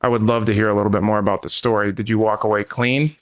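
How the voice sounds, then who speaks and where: A man's voice: fairly low pitch, flat delivery, fast. A man hosting a podcast in casual chat, joking and swearing freely as he rants. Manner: profane, joking, ranting. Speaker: podcast host.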